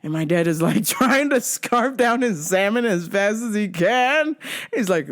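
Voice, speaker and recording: A woman host telling a comic story in a crude, laughing style. Her voice swings widely in pitch as she tells it. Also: expressive, unhurried. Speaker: podcast host. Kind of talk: comedic storytelling.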